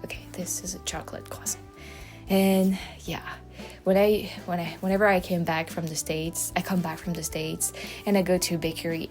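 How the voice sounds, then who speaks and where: French woman chatting animatedly. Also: on the low side. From France. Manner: animated, emphatic, with frequent restarts. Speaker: YouTube host. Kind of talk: casual explainer talk to camera.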